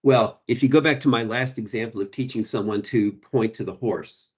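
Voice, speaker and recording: A guest presenter, a man with a medium-pitched voice, answers audience questions in an academic Q&A at a normal pace, and the sound is lo-fi. He's hesitant and explanatory, restarting often and leaning on "you know" and "right."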